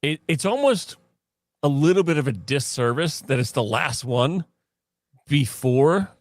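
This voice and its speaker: A man co-hosting a casual podcast, telling stories in an animated way, laughing often and mimicking other people. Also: a little high, unhurried, dry recording. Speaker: podcast co-host. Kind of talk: casual chat.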